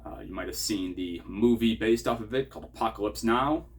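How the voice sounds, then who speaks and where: A man's voice: on the low side, a little fast. A middle-aged man hosting a scripted writing lesson, with dry, self-mocking asides. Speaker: writing teacher and channel host.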